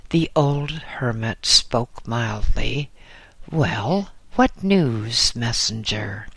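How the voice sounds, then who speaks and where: A man narrating an audiobook in a slow, measured way. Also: mid-range voice, sharp tone, dry recording.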